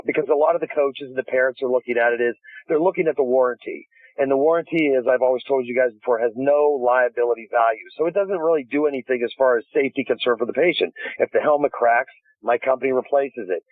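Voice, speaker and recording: A man's voice: mid-range voice, fairly quick, no room sound, narrow, tinny audio. A man speaks by phone as an interview guest, eager and chatty, restarting sentences as he goes. His voice sits in an ordinary middle range. The line is dry and thin, like a telephone. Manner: enthusiastic storytelling with many restarts. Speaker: guest inventor. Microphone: phone call.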